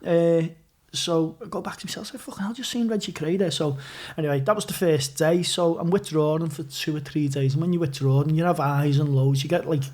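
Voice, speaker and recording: A man's voice: on the high side, fairly quick, hardly any pauses. Chatty scouse man telling prison stories. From Liverpool. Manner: animated anecdotes, swearing, rambling restarts. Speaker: podcast guest. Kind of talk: casual storytelling.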